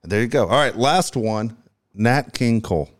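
A man's voice: mid-range voice, expressive, moderate pace. A man hosting a casual chat, asking questions and telling a teasing story. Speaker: host.

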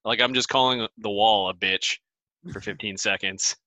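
Bright-voiced man telling stories on a podcast. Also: lowish voice, fairly even intonation, moderate pace, dry recording. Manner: storytelling, laughs often. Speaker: podcast co-host. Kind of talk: casual podcast chat.

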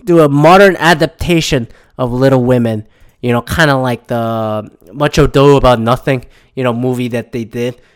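A man's voice: medium pitch, a bit bright. A man from Canada hosting his own podcast, rambling through movie opinions in a casual, profane, wry way. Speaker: podcast host.

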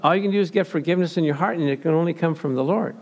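An older man with a slightly high, gravelly voice preaches in an easygoing, storytelling manner. He slips into the voices of the people in his stories as he talks. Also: very fast. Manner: conversational storytelling, acts out quotes. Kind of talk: sermon.

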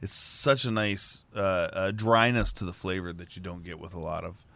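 Chatty low-voiced male co-host. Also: fairly even intonation, normal speed, creaky, bright, forceful tone. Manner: chatty, laughing often, descriptive. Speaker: radio show co-host. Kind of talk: casual tasting chat.

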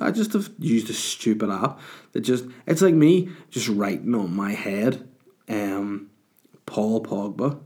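A man rants on his own podcast in a loose, casual monologue. He swears freely and mocks things with exasperation. His voice sits a little low. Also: normal speed, a little mellow. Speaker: podcast host.

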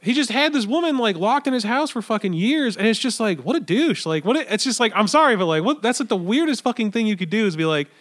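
A man's voice: high-pitched, lively intonation, fast talker, few pauses, a bit bright. A man in his late twenties co-hosting a podcast, telling rambling profane stories with lots of laughing. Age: 20s. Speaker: podcast co-host. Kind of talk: casual chat.

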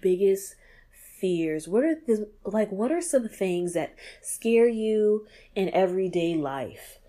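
A young woman from New York hosting her podcast in a casual monologue, animated and profane, laughing often. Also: mid-range voice, takes it slowly. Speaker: podcast host.

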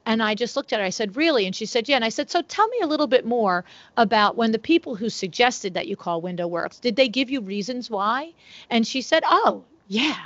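A middle-aged woman tells a story with lots of energy and acts out the voices of the people in it. Her voice sits a little high. The sound is dry and slightly muffled. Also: fairly quick, dry recording. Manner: animated storyteller who acts out both sides of conversations. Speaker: podcast guest, window treatment business owner. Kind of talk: casual storytelling interview.

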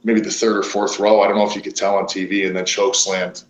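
A man, a pro wrestler guest, telling stories casually, swearing a lot and filling pauses with "uh". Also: lowish voice, level tone. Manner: profane, rambling with many fillers. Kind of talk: casual interview storytelling. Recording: roomy echo.

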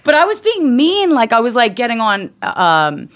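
A woman's voice: a little high, wildly swooping pitch, normal speed, fairly bright tone. A woman in casual chat, telling a story with lots of restarts and swearing.

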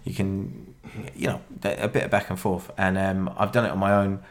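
A man's voice: low-pitched, little pitch movement, normal speed. A man hosting a casual podcast chat, rambling and swearing freely. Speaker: podcast host.

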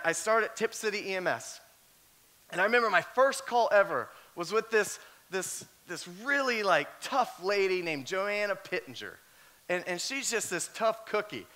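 A man delivering a sermon in a high, bright and forceful voice. He tells personal stories with animated energy and often repeats words as he pushes forward. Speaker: pastor.

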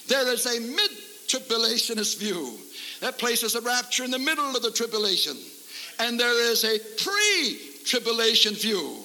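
A very high, bright, forceful male voice delivers a revival sermon at a camp meeting, emphatic and fervent, with lines repeated for effect. It's recorded live in a big hall full of worshippers, and the reverb lingers long.

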